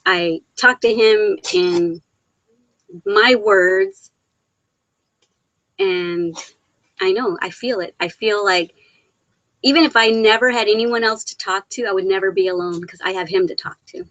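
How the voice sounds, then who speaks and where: A woman's voice: medium pitch, a little slow, pauses often, fairly bright tone, no room sound. A middle-aged woman chats into her laptop on a live stream, giggling between sentences while fighting back tears. The sound is dull and muffled, with a dry, close feel. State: teary, on the verge of crying. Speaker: live Q&A host. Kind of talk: casual live-stream chat reading viewer comments. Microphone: laptop microphone.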